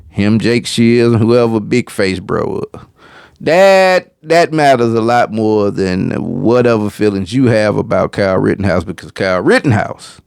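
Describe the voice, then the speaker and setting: A man's voice: mid-range voice, creaky, no echo. A man hosting a reaction video, commenting casually on a clip in a slangy, profane way.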